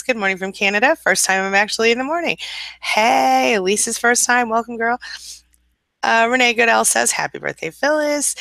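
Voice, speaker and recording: A tired woman coaching on a casual morning live stream, reading viewer comments aloud, laughing often and reassuring viewers softly. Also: medium pitch, no room sound. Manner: chatty, laughs often, greets viewers warmly by name; soft, reassuring advice. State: a little tired, early morning.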